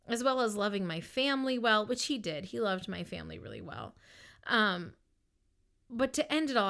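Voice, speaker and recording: A woman with a mid-range, slightly bright voice shares her personal testimony as a Christian speaker. She's earnest, casual, and heartfelt, using lots of fillers like "um" and "like."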